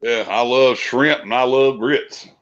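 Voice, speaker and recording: A man's voice: mid-range voice, fairly even intonation, unhurried, fairly bright tone, muffled recording. A man telling rambling, profane stories in a casual chat. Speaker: podcast co-host, musician.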